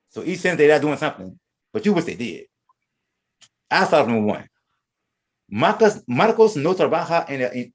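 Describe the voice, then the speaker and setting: A man teaching a Spanish class, explaining verb forms and often repeating and restarting his words. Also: mid-range voice. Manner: reads out verb conjugations one by one. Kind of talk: classroom lesson.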